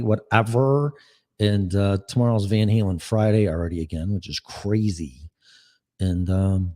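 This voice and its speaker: Sarcastic, rambling man, low mellow voice. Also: long reverb tail. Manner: rambling, sarcastic, swears freely. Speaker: podcast host. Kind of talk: casual monologue reading chat.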